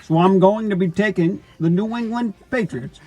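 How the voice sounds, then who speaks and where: A man doing a lofty, measured former president. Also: high voice, warm tone. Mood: amused. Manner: slow, halting delivery broken into short phrases; stately, lecturing tone. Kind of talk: comedy sketch phone call.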